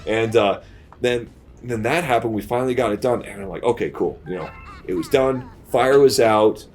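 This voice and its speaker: A man's voice: mid-range voice, normal speed, faint music behind. A man hosting a game playthrough, telling a long story casually and laughing through it. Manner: animated, laughs through his own story. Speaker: let's play host. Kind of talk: casual storytelling over gameplay.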